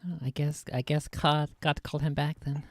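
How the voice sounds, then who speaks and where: A man chatting casually with a streamer, making dry, deadpan crude jokes. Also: a little high, moderate pace, no echo. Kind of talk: casual chat.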